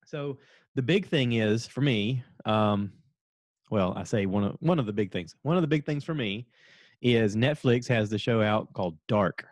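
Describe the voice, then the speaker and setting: A man hosting his own podcast, chatting casually and rambling from one story to the next, now and then jumping into a high voice to quote people. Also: normal speed, no room sound. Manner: rambling, animated, jumps into high voices when quoting people. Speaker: podcast host. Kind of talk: casual solo podcast chat.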